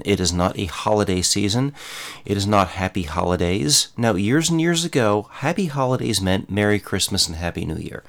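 A man's voice: fairly low pitch, fairly bright tone. A man hosting his own show, delivering an indignant, opinionated monologue and repeating himself as he rants. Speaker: show host.

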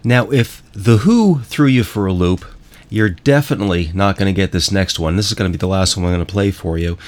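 Male host, lowish voice, rambling and emphatic, casual monologue between songs. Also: a little fast. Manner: rambling, emphatic, repeats himself. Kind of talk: casual monologue playing music clips.

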